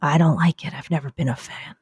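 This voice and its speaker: A woman's voice: low voice, steady tone, quick pace, darkish tone, slightly rough, no room sound. A woman co-hosting a comedy podcast, chatting in a rambling, playful, scattered way. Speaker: podcast co-host. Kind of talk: casual comedic chat.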